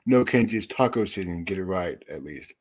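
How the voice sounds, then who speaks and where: A man's voice: low-pitched, expressive, a little fast. Rambling, profane young man chatting live. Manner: rambling, profane, self-deprecating. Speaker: livestream host. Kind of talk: casual live chat. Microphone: phone or headset mic.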